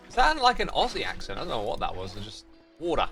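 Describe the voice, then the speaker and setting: Bright, lively British man streaming. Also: medium pitch, fairly quick, faint music behind. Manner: thinking aloud and chatting with viewers. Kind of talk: casual livestream commentary.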